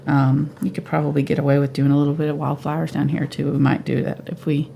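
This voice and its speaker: A woman giving a live painting tutorial at home, relaxed and thinking aloud as she paints. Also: deep voice, quick pace, vocal fry, a little hiss or hum. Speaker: painting instructor.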